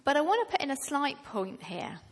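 Woman, preacher, slow and deliberate, higher voice, long hall reverb. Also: sing-song. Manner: slow and deliberate, rising to emphatic passages. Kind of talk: sermon.

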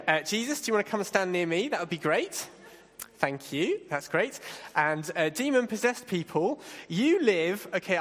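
A man leading an interactive Bible talk, playful and directing volunteers with quick asides. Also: a little high, a bit bright, long reverb tail. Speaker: church leader giving a talk.

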